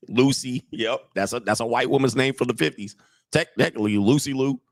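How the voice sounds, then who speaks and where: A man's voice: medium pitch, normal speed, dry recording. Brash dry-voiced male commentator. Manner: brash, blunt and mocking, talks straight to viewers. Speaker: dating coach and commentator. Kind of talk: casual reaction commentary.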